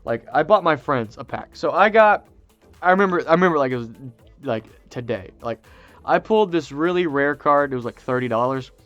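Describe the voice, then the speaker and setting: Excitable rambling man telling stories. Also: fairly high pitch, fairly quick, dull audio, faint music behind. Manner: excitable, rambling, many fillers and restarts. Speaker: channel host. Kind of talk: casual storytelling to camera.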